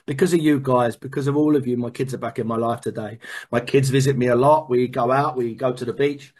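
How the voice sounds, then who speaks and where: A man telling a personal recovery story in a candid, animated way, repeating words and swearing now and then. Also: mid-range voice, brisk. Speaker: speaker sharing a recovery story.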